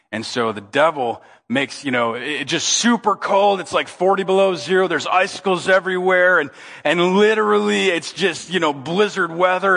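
A man preaching as pastor, telling a joke in an animated, playful way before his sermon. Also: on the high side, big-room sound. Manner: joking, animated storyteller. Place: church sanctuary.

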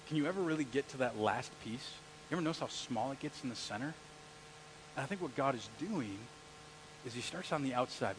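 Animated male pastor preaching a sermon. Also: medium pitch, slight background noise, poor audio. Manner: animated, conversational, asks the congregation questions. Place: church.

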